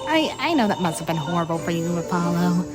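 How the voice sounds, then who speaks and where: A woman voicing a sympathetic young female lawyer in a fan dub, speaking softly, with music behind. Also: on the low side, sing-song, fast talker. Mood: concerned.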